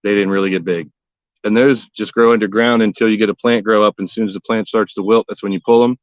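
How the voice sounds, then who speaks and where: Speaking quickly in a lowish, steady voice, a man hosts a casual gardening livestream from his backyard, full of folksy rambling and jokes with old sayings. There's no room sound, and the audio is dull.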